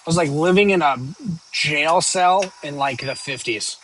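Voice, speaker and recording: A man's voice: on the high side, measured pace, a bit bright, a little hiss or hum, poor audio. Rambling joking streamer man. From northern United States. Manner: rambling, joking, with many fillers and restarts. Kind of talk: casual live-stream chat reading viewer questions.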